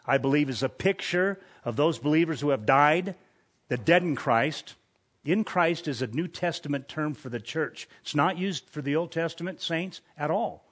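A man's voice: mid-range voice, fairly bright tone. A man preaching a sermon from scripture in an earnest, emphatic way, lifting his voice on key points. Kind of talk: expository sermon.

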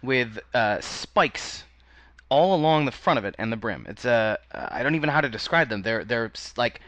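A man in casual, amused podcast banter. His voice is bright and expressive, recorded close and dry with no room sound. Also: mid-range voice, normal speed, no room sound. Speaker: podcast co-host.

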